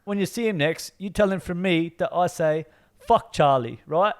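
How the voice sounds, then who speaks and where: A man's voice: high voice, moderate pace, voice pushed up, close to an everyday voice. A man voicing a menacing London gangster with a London accent, taunting and swaggering.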